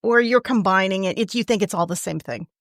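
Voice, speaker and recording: A woman's voice: medium pitch, a little fast, dry recording, clean studio sound. A woman hosting a podcast and interviewing her guest in a chatty way, laughing often. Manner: chatty, laughs often, gives short backchannels. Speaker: podcast host and acting teacher. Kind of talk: casual interview chat.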